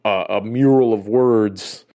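A man co-hosting a podcast in casual chat, rambling and excitable, swearing often. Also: fairly low pitch, takes it slowly. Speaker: podcast co-host.

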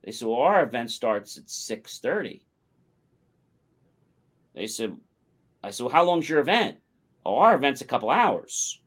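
A medium-pitched male voice, a bit slow and full of frequent pauses, belongs to a talk show co-host recounting a long personal anecdote. He keeps the casual story lively by acting out what people said.

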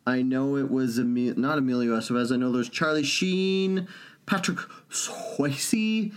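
A man's voice: mid-range voice, moderate pace, clean tone. A man co-hosting a podcast in casual banter, joking and swearing a lot. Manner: profane, joking, animated. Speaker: podcast co-host.

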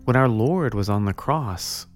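A man's voice: medium pitch, lively intonation, measured pace, soft background music. A man giving a Christian teaching talk, casual and earnest, with many fillers as he tells desert stories. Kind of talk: spiritual teaching talk with storytelling.

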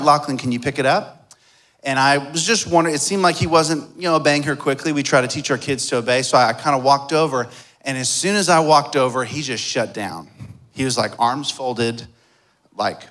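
A man preaching a sermon as a pastor, telling a personal story, his voice moving from soft and hushed to loud and emphatic. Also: mid-range voice.

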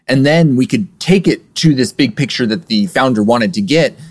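A man who runs a software agency, answering interview questions in a relaxed, explanatory way with frequent fillers. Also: mid-range voice, normal speed. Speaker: guest, software agency owner.

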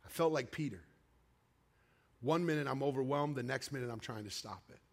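A man preaching a sermon, telling a personal story with emotional swings between raised cries and hushed, quiet passages. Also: fairly quick, vocal fry. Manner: emotional storytelling with sweeping highs and hushed lows.

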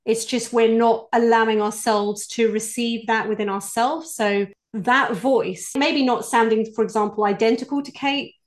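A woman's voice: on the high side, steady tone, moderate pace, few pauses. A British woman, a voice coach, answering interview questions in an earnest, explanatory way. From United Kingdom. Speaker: executive voice coach, guest.

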